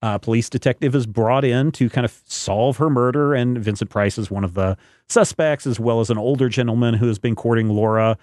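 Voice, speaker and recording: A man hosting a podcast in casual chat, rambling and halting with many fillers. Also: medium pitch, darkish tone, no echo, studio quality. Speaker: podcast host.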